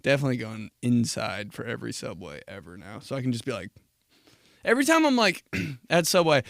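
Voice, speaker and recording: A young man riffing alone on his podcast in a loose, profane, rambling way, often laughing at himself. His voice sits in an ordinary middle pitch. The sound is dry and close, with no room echo. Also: very animated, a little fast, gravelly, fairly bright tone. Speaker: podcast host. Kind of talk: casual solo podcast monologue.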